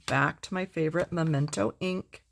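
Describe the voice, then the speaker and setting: A woman's voice: low-pitched, normal speed, gravelly, a little hiss or hum. A middle-aged woman teaching card making in a casual demonstration, gushing with enthusiasm and talking straight to her viewers.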